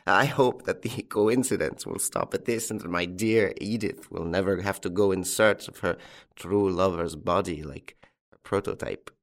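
A man's voice: low-pitched, normal speed. A man reading an audiobook, voicing a jovial middle-aged army colonel who hosts guests and barks orders when alarmed. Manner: genial and talkative, turning loud and commanding in alarm. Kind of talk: audiobook character voice.

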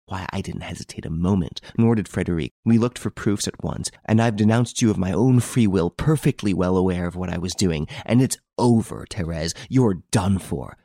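A man's voice: moderate pace, gravelly, hardly any pauses, dark tone, dry recording, studio quality. A man voicing a vengeful woman who accuses her friend of murder, in an audiobook reading. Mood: furious. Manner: furious, accusing, shifts from shrill to hissing.

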